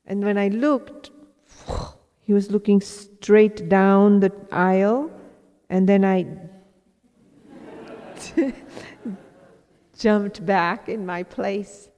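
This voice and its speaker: A woman from India, speaking as a spiritual teacher, recounts a personal story to a live audience in a medium-pitched, mellow voice with fairly even intonation. She talks very slowly, pausing often, reflective and self-mocking as she quotes her own thoughts in asides. The audio is dull, with long hall reverb.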